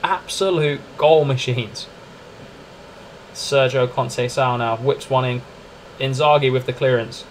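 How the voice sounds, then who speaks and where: A young man streaming a football management game, commenting live in a chatty, excitable way and calling to his viewers as lads and mates. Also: medium pitch, unhurried, long pauses, slight background noise. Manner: excitable, chatty, keeps addressing "lads" and "mate".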